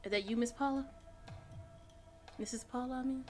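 A woman with a high, steady, darkish voice hosts a gaming channel, speaking at a moderate pace over soft background music. In this let's play commentary she nervously talks to herself while playing through a horror game.

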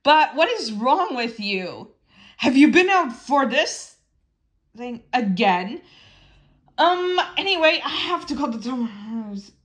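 Woman puppeteer, slow rambling chat, a bit high. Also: sing-song, fairly bright tone. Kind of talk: puppet show storytelling.

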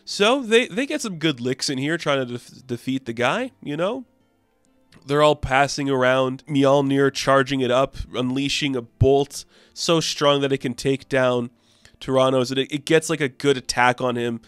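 A man's voice: medium pitch, moderate pace, a bit bright, clean tone, no room sound, soft background music. A man casually recapping a comic book, chatty and enthusiastic. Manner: chatty, enthusiastic, acts out quotes.

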